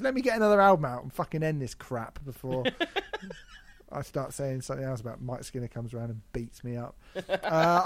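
A man co-hosting a casual podcast, swearing freely and mocking himself with frequent laughter. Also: on the high side. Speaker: podcast co-host.

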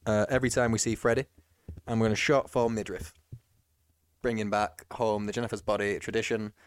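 A man's voice: lowish voice, little pitch movement, brisk, clean tone, no room sound, studio quality. A man co-hosting a podcast, chatting casually with jokes and frequent laughs. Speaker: podcast co-host. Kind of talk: casual commentary chat.

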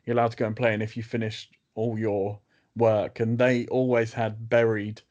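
A man's voice: lowish voice, level tone, moderate pace, a little mellow, muffled recording. Man, podcast host, casual chat, easygoing, laughs a lot.

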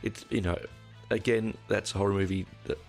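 Low gravelly man, rambling podcast. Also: fairly even intonation, fairly quick, darkish tone, soft background music. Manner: rambling, self-correcting and candid, with dry asides. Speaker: podcast host. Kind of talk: casual solo podcast monologue.

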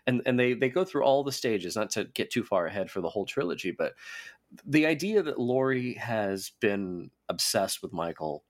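A man from North America who is a guest on a podcast, talking in casual chat in an earnest way, halting and restarting often. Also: lowish voice, animated.

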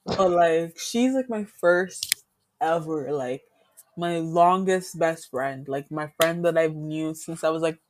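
A woman's voice: deep voice, slow pace, darkish tone, slight background noise. A woman co-hosting a casual chat show, chatty and laughing often. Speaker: podcast co-host.

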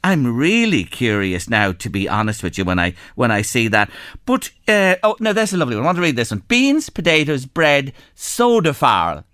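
An Irish man hosting a radio phone-in show, chatting in an animated, curious way as he reads out listener texts. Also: medium pitch, moderate pace, dry recording, clean studio sound. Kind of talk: lively radio chat, reading listener texts. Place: radio studio.

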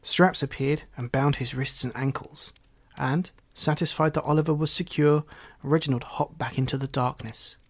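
A man narrating a children's storybook in an even, unhurried way. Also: fairly high pitch.

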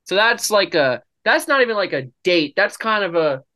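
A man's voice: high voice, very animated, normal speed, bright, forceful tone. A man co-hosting a casual podcast, joking and teasing in playful banter with his girlfriend. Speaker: podcast co-host. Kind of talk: casual couple chat.

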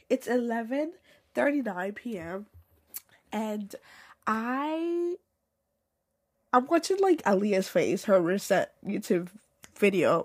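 A young woman hosts her podcast in a loose, slangy chat, her voice breathy and a little husky. She talks animatedly and swings her pitch high and low as she goes. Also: a little mellow. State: recovering from a cold. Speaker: podcast host.

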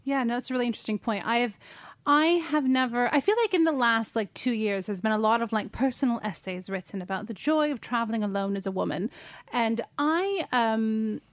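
A woman's voice: on the high side, a little fast, dry recording. A woman in her thirties hosting a podcast, chatting casually with many ums and self-deprecating asides. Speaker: podcast host. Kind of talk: casual chat.

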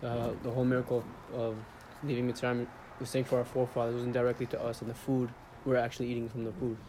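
Distant student man, monotone. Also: mid-range voice, fast talker. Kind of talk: class discussion. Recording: distant voice with room noise.

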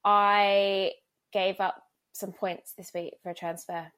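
A woman's voice: medium pitch, little pitch movement, slow, fairly bright tone. Giggly woman with dry humor. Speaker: podcast co-host. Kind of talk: casual chat.

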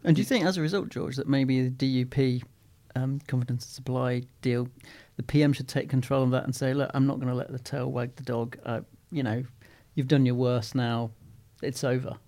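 A man's voice: medium pitch, steady tone, fairly quick, hardly any pauses, darkish tone. A man co-hosting a political interview, asking hesitant, repeated-start questions. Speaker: co-host.

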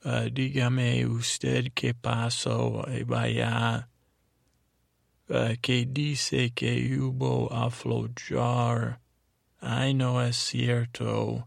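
Man, podcast host, slow, monotone, gravelly fry, dry close sound, meandering recap. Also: medium pitch, no echo. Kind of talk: rambling sleep podcast recap.

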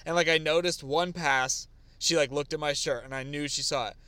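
A man co-hosting a casual podcast, rambling through stories with plenty of fillers. His voice sits a bit high and comes through smooth and resonant. The room is dry, with no reverb. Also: normal speed. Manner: animated storytelling with lots of fillers. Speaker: podcast co-host. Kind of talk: casual chat.

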